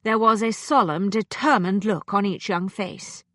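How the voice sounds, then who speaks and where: A woman narrating an audiobook in an expressive, storytelling manner. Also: mid-range voice, unhurried, no room sound. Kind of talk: scripted narration. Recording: dry studio sound.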